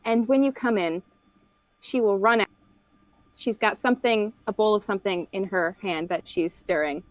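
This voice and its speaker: A woman's voice: medium pitch, moderate pace, dry recording, rough recording. A woman running a tabletop game as game master, narrating scenes in an easygoing, descriptive way.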